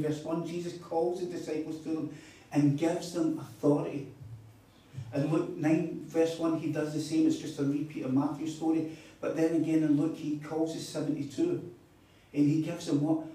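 A man's voice: fairly high pitch, dark tone. A man preaching a sermon, telling stories with emphatic repeats. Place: hall at a retreat. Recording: echoey hall, mic far off.

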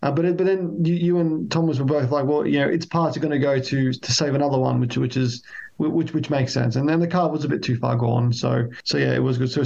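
A man's voice: medium pitch, creaky, a little mellow, muffled recording. A man chatting casually as a podcast co-host, rambling with lots of restarts. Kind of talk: casual chat.

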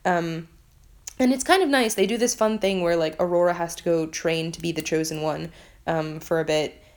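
A woman's voice: lowish voice, normal speed. A young woman vlogging a casual book review, rambling with lots of fillers and frequent swearing.

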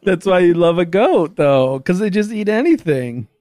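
A playful man in casual comedic conversation, his voice pitched a bit high and swinging widely up and down as he giggles through his points. The sound is close and dry, with no room around it. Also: sing-song, moderate pace, darkish tone, no room sound. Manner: giggly and playful, laughs often.

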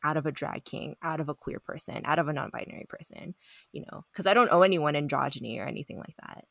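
A woman's voice: sits low, lively intonation, quick pace, creaky, no room sound, studio quality. A young woman chatting on a group podcast, reflective and full of "like"s. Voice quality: reflective, filler-heavy talk with many "like"s. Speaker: podcast co-host. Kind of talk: casual group chat.

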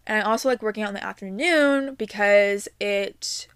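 A woman's voice: medium pitch, moderate pace, a bit bright, clear, resonant tone, no echo, clean studio sound. Chatty young woman podcaster. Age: young adult. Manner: chatty, upbeat, many ums and likes. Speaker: podcast host. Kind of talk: casual solo podcast advice.

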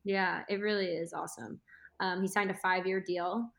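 A woman's voice: lowish voice, steady tone, moderate pace, vocal fry. A young woman talking as a guest on a podcast, chatty and laughing often. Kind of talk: casual interview chat.

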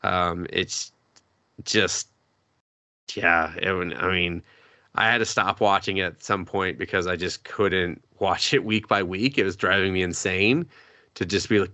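A man chats casually on a podcast, rambling through a story and cursing freely. His voice sits on the low side, and the sound is dry and close with no room echo. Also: unhurried, sharp tone. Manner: rambling, swears freely, acts out characters' lines. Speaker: podcast co-host. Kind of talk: casual anime recap chat.

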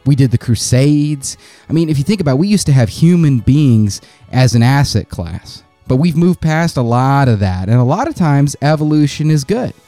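A man doing stand-up, telling a story in a profane, exasperated, self-mocking way and breaking into loud yells when he acts out the scene. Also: mid-range voice, lively intonation, normal speed, no echo, faint music behind. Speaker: stand-up comedian.

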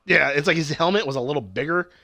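A man in his thirties, co-hosting a podcast, recapping an episode in casual, animated chat and swearing freely. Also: fairly high pitch, quick pace, gravelly, dry recording, studio quality. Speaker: podcast co-host.

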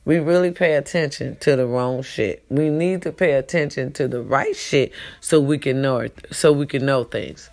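Woman vlogging from home late at night, gravelly voice, keeps repeating herself and talking to y'all. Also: very deep voice, moderate pace, few pauses, a little mellow. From California. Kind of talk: late-night monologue to followers.

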